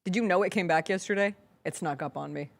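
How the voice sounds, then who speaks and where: A woman's voice: lowish voice, quick pace, vocal fry. A woman hosting a sports talk show, chatting casually with teasing banter and reading promos. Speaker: host.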